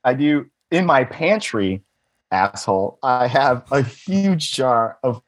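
A man's voice: mid-range voice, lively intonation, slow. A man in his thirties from the United States chatting casually, rambling and joking with lots of restarts and swearing. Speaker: co-host. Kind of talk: casual chat.

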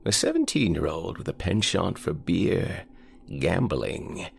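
An actor voicing a frail, haunted old man confessing, with a raspy voice and a slow, pleading delivery. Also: low voice, sing-song, a little hiss or hum, exaggerated voice. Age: older.

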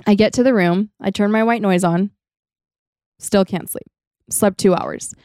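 Young woman on a podcast rambling a story, lots of "like", smooth voice. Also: medium pitch, a little slow, darkish tone, dry recording, clean studio sound. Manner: chatty, many "like" fillers. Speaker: podcast co-host. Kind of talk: casual storytelling chat.

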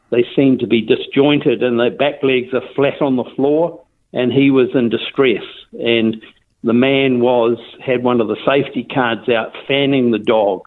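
New Zealand man on a tinny phone line. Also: medium pitch. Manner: rambling, with restarts and fillers. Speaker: interviewee. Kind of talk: phone interview, casual storytelling.

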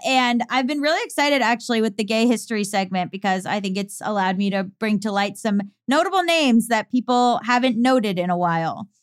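A woman co-hosting a podcast in casual chat, playful and quick with jokes. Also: on the high side, clean tone, no echo, clean studio sound. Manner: playful, quick-witted, jokey. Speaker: podcast co-host.

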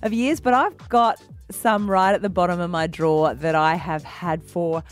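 A woman's voice: lowish voice, moderate pace, soft background music. A woman co-hosting breakfast radio, teasing and giggly. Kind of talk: casual radio banter.

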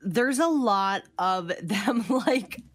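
A woman's voice: mid-range voice, animated, extremely slow. Giggly woman radio co-host. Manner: giggly, laughs often mid-sentence. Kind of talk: casual radio banter. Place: radio studio. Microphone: close studio mic.

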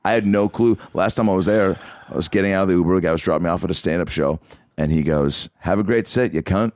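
A comedian guest on a podcast, telling joking stories in casual chat. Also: male voice, low voice, steady tone, quick pace, darkish tone, no echo, studio quality. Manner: joking storyteller.

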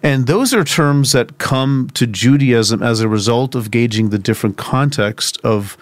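A man's voice: medium pitch, unhurried, no room sound. Male podcast co-host, mid-range voice, reflective and loosely rambling, dry studio sound. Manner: thoughtful, rambling with restarts and asides. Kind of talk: conversational theology discussion.

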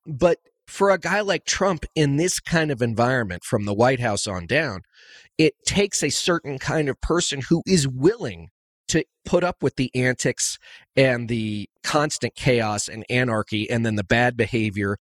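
A man's voice: medium pitch, expressive, measured pace, no room sound, clean studio sound. A male podcast host talking with his guest in a casual interview, with wry commentary. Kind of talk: conversational interview.

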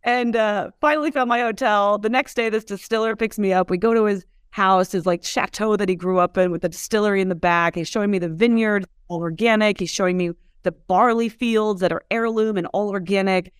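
A woman's voice: mid-range voice, fairly quick, hardly any pauses, smooth, no echo, studio quality. A woman in her thirties from the United States, telling her story animatedly in a casual interview, full of "like" and acted-out quotes. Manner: animated, fillers like "like", acts out quotes. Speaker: whiskey entrepreneur guest.

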